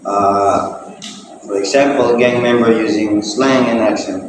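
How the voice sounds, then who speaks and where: A man's voice: fairly low pitch, steady tone, unhurried. A young man giving a class presentation, reading out points with frequent hesitations. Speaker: student presenter. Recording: echoey room with background noise.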